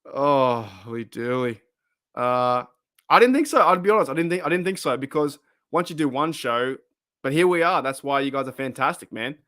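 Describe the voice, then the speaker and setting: A man in his thirties chats loosely on a livestream, looping back over his words and swearing casually. His voice sits a little high and is wearing thin. The sound is dry and close, with no room echo. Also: expressive, brisk, sharp tone. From Australia. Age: 30s. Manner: rambling, repeats himself, swears casually. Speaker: livestream host. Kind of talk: casual livestream chat reading comments.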